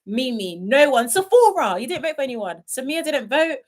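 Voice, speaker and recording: A woman's voice: sits high, animated, normal speed. Chatty woman reading live chat. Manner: chatty, playful, laughs often, trails off with ums. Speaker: reality show commentator. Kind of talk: casual live-stream chat reading viewer comments.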